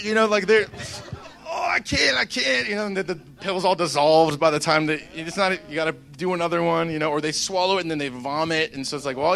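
A man's voice: a little high, fairly bright tone. A young man giving a casual devotional talk, rambling and conversational with plenty of fillers. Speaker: Christian speaker.

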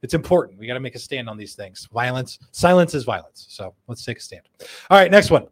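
A man hosts a live show, reading out viewer comments and joking about them. His mid-range voice has lively intonation, he laughs a lot, and he slips into quick voices whenever he quotes someone.

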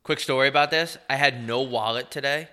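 Stuffy-nosed podcast guy rambling and cussing, bright tone. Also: medium pitch, a little fast. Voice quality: congested, nasal. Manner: rambling, joking, swears freely. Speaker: podcast co-host. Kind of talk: casual chat.

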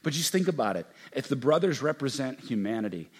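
A pastor preaches a sermon in a medium-pitched, husky voice, shifting between hushed, intimate passages and loud, emphatic ones. When he quotes lines, he acts them out slowly, drawing them out with heavy stress.

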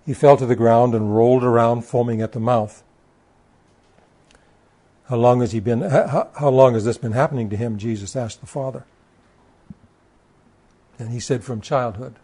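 A man delivers a sermon, reading passages of scripture and then expounding on them. His voice is warm and dark with a husky edge, and he leans into key words, sometimes stumbling into quick restarts as he drives his point home. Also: mid-range voice. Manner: occasional stammered restarts. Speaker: preacher.

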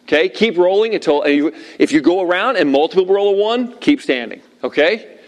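Middle-aged male pastor, slightly high voice, lively storyteller sermon to a seated crowd. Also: brisk. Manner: animated storyteller, acts out shouted quotes. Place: room with tables of listeners.

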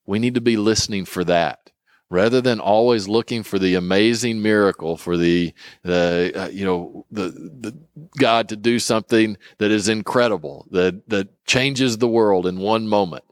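A man giving conversational Bible teaching, earnest and reflective, pausing often with fillers as he retells a story. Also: on the low side, dry recording.

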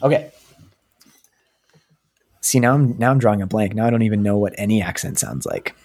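A man's voice: fairly low pitch, fairly quick, darkish tone. A man hosting a podcast, talking loosely in a casual, self-deprecating way. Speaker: podcast host.

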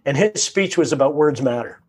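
A man from Canada talks as a guest, telling his story with lively energy. His voice sits a touch high for a man, and he keeps acting out other people's lines while circling back over his own words. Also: fairly quick, breathy edge. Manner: animated storyteller who acts out quotes and repeats words. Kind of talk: storytelling conversation.

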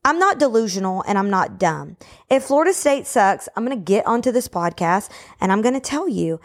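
A woman's voice: mid-range voice, brisk. A young woman hosting a solo podcast from home, ranting in a casual, emphatic way and peppering her talk with slang. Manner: animated, emphatic, slangy ("bro", "baby"). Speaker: podcast host.

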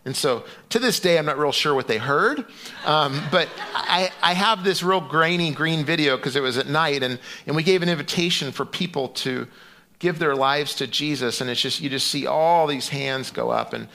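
Male pastor, middle-aged, slightly high and bright voice, casual sermon delivery that stops and restarts. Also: normal speed, gravelly. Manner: conversational preaching with frequent restarts and fillers.

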